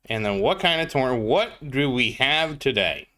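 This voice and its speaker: A man's voice: mid-range voice, expressive, unhurried, pushed and bright. A man streaming a mobile game, chatting casually as he plays and greeting viewers in chat by name. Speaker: gaming livestreamer. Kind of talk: casual gameplay commentary.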